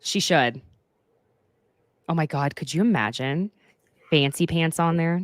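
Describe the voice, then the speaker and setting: A young woman hosting a casual recap chat, talking quickly with sarcastic asides and frequent laughs. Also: sits low, no room sound. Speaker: podcast host.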